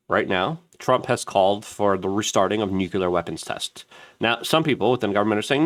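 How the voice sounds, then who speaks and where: A man hosting an online news show, giving an opinion commentary straight to camera. He rants emphatically and repeats himself rapidly, and he mimics other people in raised, mocking voices. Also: fairly low pitch. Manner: excitable, emphatic ranting with rapid repetition. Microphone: camera-mounted.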